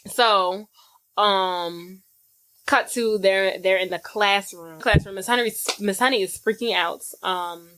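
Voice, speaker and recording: A woman co-hosting a podcast, casually retelling a film's plot in slang-filled, animated chat. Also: mid-range voice, slow pace. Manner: animated storytelling with acted-out quotes. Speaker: podcast co-host. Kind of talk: casual movie recap chat.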